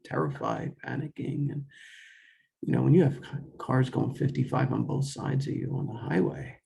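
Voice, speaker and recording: Man, young adult, gravelly low fry, mellow dark tone, casual rambling storytelling, lots of fillers and restarts. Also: sing-song, normal speed. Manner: rambling, full of fillers and self-corrections; quotes himself and others in dialogue.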